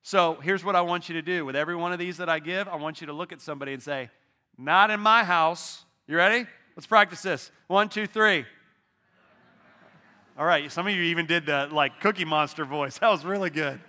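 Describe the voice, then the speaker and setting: A middle-aged pastor preaching from a church stage in a lively, conversational way, pulling the congregation into call-and-response. His voice sits high for a man. It has a bright, forceful edge. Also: fairly quick. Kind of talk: sermon.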